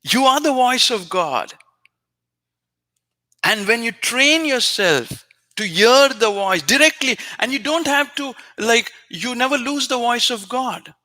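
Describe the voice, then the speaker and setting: A man hosting a spiritual show, giving an earnest, repetitive teaching talk addressed straight to a viewer, now and then softly chanting phrases. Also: very high-pitched, animated, slow.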